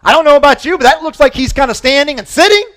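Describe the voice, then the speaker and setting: High-voiced animated male preacher. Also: quick pace. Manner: conversational, animated preaching with restarts and asides; swings from loud emphasis to quiet low delivery. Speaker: pastor. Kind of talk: sermon.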